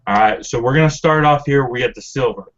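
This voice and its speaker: A man giving an upbeat, pushy sales pitch on a webinar, over dull lo-fi audio. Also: fast talker, fairly bright tone. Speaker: presenter.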